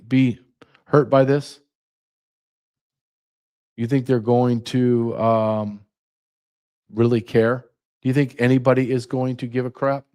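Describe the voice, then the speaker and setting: A man's voice: medium pitch, darkish tone. A middle-aged American man hosting his own show, ranting with sarcasm and piling up rhetorical questions. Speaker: podcast host. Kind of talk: ranting monologue.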